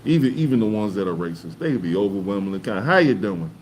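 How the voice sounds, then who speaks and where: Man, lowish voice, relaxed storytelling, faint room ambience. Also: fast talker, slight background noise, rough recording. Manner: storytelling, acts out quoted voices with rising pitch. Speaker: podcast co-host. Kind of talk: casual chat.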